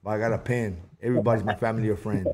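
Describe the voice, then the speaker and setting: A middle-aged man talking in a rambling, animated way as the guest of a street interview, slipping into rhymes and Spanish asides. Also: on the low side, very fast, heavy background noise.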